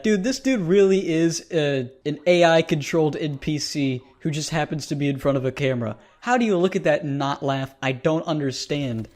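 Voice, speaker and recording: Male vlogger, sarcastic and exasperated, fairly high voice, casual reaction rant. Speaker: YouTube commentator.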